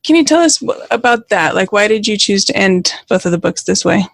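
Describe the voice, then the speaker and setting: A woman's voice: medium pitch, animated, a little fast, gravelly, dry recording. A woman hosting an interview podcast, asking questions and reacting in short acknowledgements. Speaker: podcast host. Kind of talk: interview conversation.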